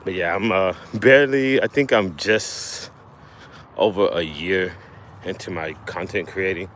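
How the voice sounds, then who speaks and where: A man hosting a casual livestream outdoors while fishing, talking in a relaxed, halting way with lots of fillers and restarts, a little out of breath. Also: low-pitched, slight background noise. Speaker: livestream host.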